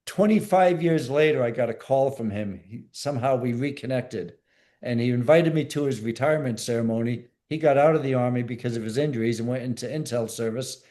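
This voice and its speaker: A man recounts his time as a combat medic in a relaxed, mellow voice. He talks plainly, doubling back on words and restarting sentences as he tells the story. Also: mid-range voice, fairly quick. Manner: vivid, plain-spoken storytelling with repeats and restarts. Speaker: podcast guest, former Navy SEAL medic. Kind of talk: storytelling interview.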